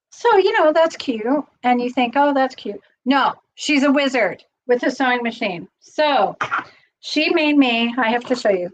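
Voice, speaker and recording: A woman's voice: a little high, highs cut off, a little hiss or hum. A middle-aged woman hosting a casual live stream, chatty and rambling, getting teary as she talks. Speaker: channel host.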